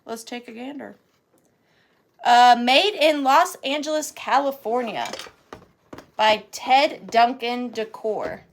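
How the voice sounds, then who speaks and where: Slow, high-voiced woman selling. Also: gravelly. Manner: chatty and playful, counts down bids. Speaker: vintage reseller running a live auction. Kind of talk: casual live sale chat.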